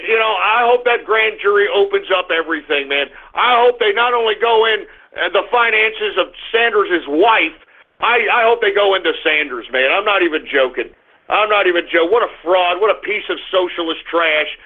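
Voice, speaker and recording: A man hosting an internet talk radio show, ranting loudly and cursing. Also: high-pitched. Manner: ranting, profane, loud outbursts. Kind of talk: call-in talk radio monologue. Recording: tinny phone-line sound.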